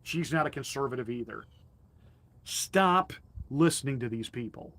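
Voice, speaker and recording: A man's voice: medium pitch, animated, normal speed, a bit bright. A male pastor delivering a combative, mocking political commentary monologue with emphatic jabs.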